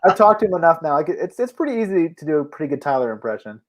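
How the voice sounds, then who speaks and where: A man's voice: on the high side, very animated, rapid-fire. A man co-hosting a casual chat, telling stories and laughing often. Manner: chatty storyteller, laughs often. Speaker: co-host.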